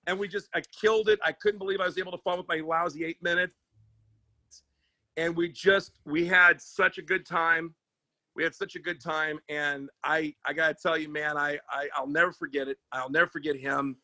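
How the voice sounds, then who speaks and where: Animated, profane man telling stories. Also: a little high, fairly quick, no echo. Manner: animated, profane, lots of restarts. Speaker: sports agent and comedian, podcast guest. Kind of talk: casual storytelling chat.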